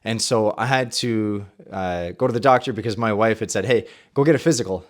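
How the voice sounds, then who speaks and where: A young adult man hosting a faith podcast, telling a personal story and acting out his own past thoughts in a lively way. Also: on the low side, fairly quick. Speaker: podcast host. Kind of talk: personal testimony and Bible talk.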